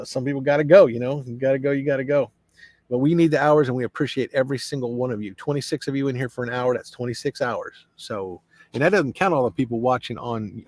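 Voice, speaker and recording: A man's voice: medium pitch, dry recording. A man hosting a casual live stream, rambling in a friendly way as he reads viewer comments aloud and answers them. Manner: friendly, many fillers and restarts.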